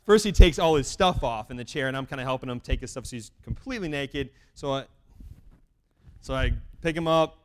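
A man telling a faith testimony as an animated story with self-deprecating humor, swinging between loud exclamations and quiet asides. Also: medium pitch, fairly quick. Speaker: speaker sharing a mission testimony. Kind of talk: storytelling talk.

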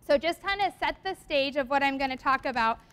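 Earnest high-voiced woman giving a church talk. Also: lively intonation, brisk, fairly bright tone. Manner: earnest, emotional, reads a poem aloud. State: tearful at times. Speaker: lay speaker at church.

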